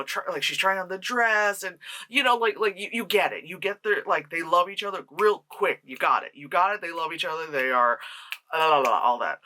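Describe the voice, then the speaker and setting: Casual vlog reviewer with a bright, sharp voice who rambles and swears. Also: medium pitch. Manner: rambling, profane, sarcastic, laughs often. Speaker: movie reviewer.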